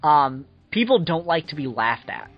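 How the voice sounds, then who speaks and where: Hesitant man, calm and measured. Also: a little high. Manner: measured, hesitant with many ums. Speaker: podcast co-host. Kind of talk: casual chat. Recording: dull lo-fi recording with faint music.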